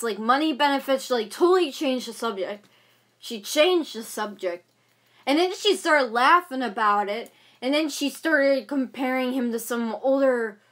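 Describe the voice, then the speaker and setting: High-voiced young woman ranting. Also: a bit bright. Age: young adult. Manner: agitated ranting, many fillers and repeats. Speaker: vlogger. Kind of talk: casual venting vlog.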